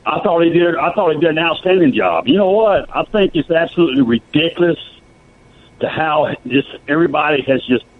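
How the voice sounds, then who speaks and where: A man calls into a sports radio show, pressing his point hard and insistently. His voice is high for a man. It comes through a tinny phone line. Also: lively intonation, brisk. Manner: emphatic, argumentative, keeps saying "okay". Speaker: caller. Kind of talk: call-in radio talk.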